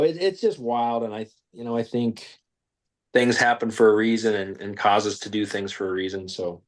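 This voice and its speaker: A man's voice: fairly low pitch, a little mellow. A male podcast guest and business owner telling a casual story, acting out the voices he quotes, with many restarts.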